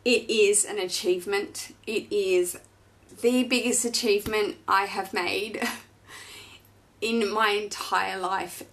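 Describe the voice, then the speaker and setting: A woman's voice: mid-range voice, steady tone, slow pace, fairly bright tone. A woman in her thirties, a fashion vlogger, talking in a gushing, chatty and emotional way as she unboxes and shares personal news. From Australia. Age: 30s.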